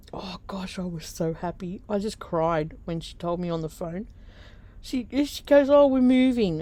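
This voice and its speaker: A middle-aged woman with an Australian accent talks unhurriedly through her craft project, with a soft, mellow tone. She chats freely, drifts into asides and laughs often as she goes. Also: mid-range voice. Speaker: craft vlogger. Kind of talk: casual craft tutorial.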